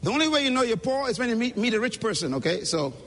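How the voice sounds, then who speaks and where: At a conference, a man with a very high-pitched, fairly bright voice delivers an emphatic, preacher-style motivational speech straight to the audience. He talks quickly with big pitch swings, and the hall around him is reverberant.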